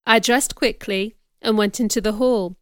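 A woman reads a novel aloud in a measured audiobook style. Her voice is bright and smooth, slightly high for a woman. The recording is dry and close. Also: dry recording. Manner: clear, measured storytelling. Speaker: narrator. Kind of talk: audiobook narration.

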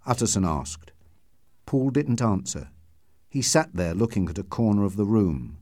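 A man reads a story aloud in an expressive, scripted style. His pitch moves in a very lively way, and the recording is dry and close. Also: normal speed, no room sound. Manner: expressive, acts out dialogue. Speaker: audiobook narrator.

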